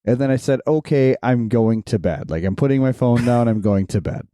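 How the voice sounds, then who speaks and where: A man's voice: mid-range voice, brisk, dark tone, no echo, studio quality. A man co-hosting a podcast, telling a story in a casual chat and laughing often. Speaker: podcast co-host.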